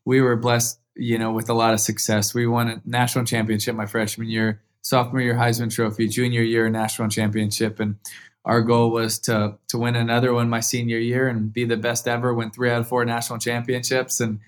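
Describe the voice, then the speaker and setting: Speaking a bit quickly at a medium pitch, this thirtysomething man, once a football quarterback, shares a heartfelt story from his own life as an interview guest. His delivery grows more animated as the story goes on.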